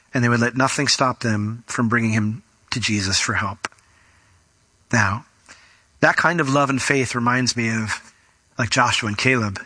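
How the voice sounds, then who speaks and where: A man's voice: mid-range voice, bright, forceful tone, no room sound. A man preaching a sermon in a conversational way, sometimes acting out the people in the story. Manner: conversational, acts out quoted voices.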